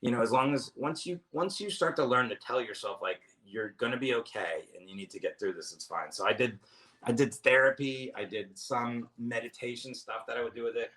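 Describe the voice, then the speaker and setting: Speaking briskly in a sharp, medium-pitched voice, a comedian guest tells stories in casual conversation. He rambles, cuts himself off to start over, and curses freely.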